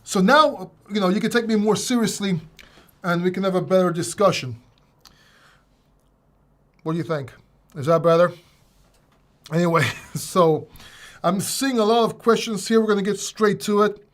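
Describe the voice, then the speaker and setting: High-voiced self-mocking livestream host. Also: male voice, moderate pace, long pauses. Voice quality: self-mocking, rambling, many restarts. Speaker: crypto channel host. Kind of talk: casual livestream chat.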